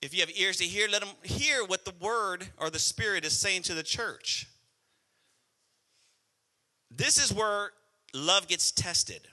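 A middle-aged male pastor preaching a sermon, swinging between soft prayer and loud exhortation. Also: sits high, a little slow, pauses often. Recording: music playing behind the voice.

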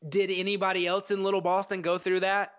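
A man with a fairly high voice co-hosts a casual film podcast. He talks in an animated way, swears freely and slips into short acted-out bits from scenes. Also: fairly quick, smooth. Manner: animated, profane, acts out scenes. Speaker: podcast co-host.

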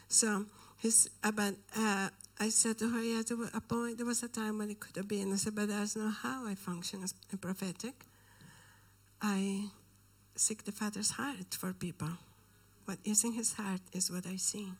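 A woman delivers a sermon as a personal story, talking in an ordinary middle pitch. She often sinks into hushed whispers for weight and lifts her voice when she quotes others. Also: fairly even intonation, normal speed. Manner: dramatic storytelling, drops into whispers for emphasis. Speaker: preacher.

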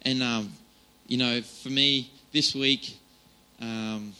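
Bright-voiced man preaching casually. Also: mid-range voice, fairly even intonation, slow, smooth, rough recording. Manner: casual and chatty, many fillers and restarts. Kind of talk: informal sermon.

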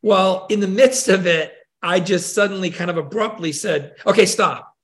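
A male pastor in conversation, telling a story in an earnest, reflective way with frequent pauses and restarts. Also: sits high.

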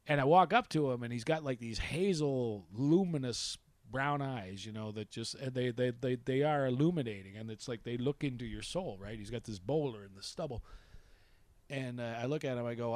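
A man's voice: medium pitch, normal speed, darkish tone, no room sound. A man telling a story in casual chat, rambling and conversational. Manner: rambling, conversational, many restarts.

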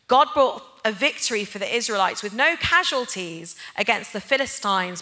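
Woman, church sermon, bright sharp tone, conversational, rising to passionate emphasis. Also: mid-range voice. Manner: conversational and personal, building to impassioned emphasis. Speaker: church speaker, head of a neighbour-love ministry. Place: church gathering.

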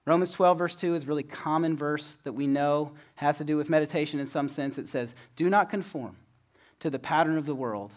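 A man preaching a sermon to a congregation. His voice sits a bit above the usual pitch for a man. He talks in an easy, conversational way and jokes about himself. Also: a little fast. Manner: conversational, self-deprecating humor. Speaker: pastor.

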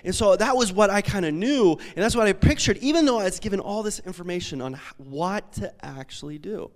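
Pastor guy giving a sermon, high lively voice, chatty and self-deprecating, lots of "right?". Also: fairly quick. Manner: storytelling, animated, self-deprecating, many fillers.

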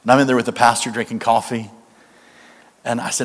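This guest preacher has a mid-range voice with little pitch movement, talking fairly quickly but leaving long pauses as he delivers a funny sermon story with punchlines and quotes he acts out. The live church hall audience setting comes through as an echoey room with faint noise.

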